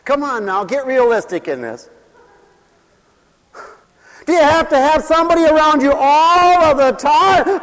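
A man preaching a comic, theatrical sermon, dropping to hushed asides and then shouting as he acts out little scenes. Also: extremely high pitch, lively intonation, a little slow, long pauses, long reverb tail.

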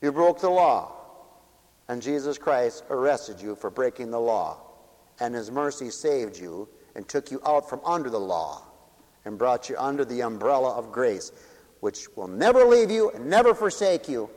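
A man preaching a sermon, asking rhetorical questions and swinging between forceful peaks and hushed low drops. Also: big pitch swings, moderate pace, long reverb tail, low-quality recording. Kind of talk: sermon to a congregation, also broadcast on radio.

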